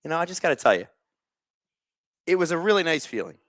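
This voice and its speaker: A man's voice: on the high side, sing-song, quick pace, fairly bright tone, dry recording, studio quality. A man in his thirties hosting a live hockey watch stream, telling stories in a rambling way with lots of fillers and restarts. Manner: talks while snacking. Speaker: stream host. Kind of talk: casual live-stream chat.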